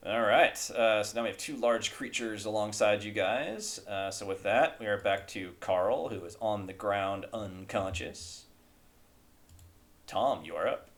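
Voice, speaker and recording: A man's voice: on the low side, a little slow. A man running a tabletop game as game master, talking casually and rattling through rules text.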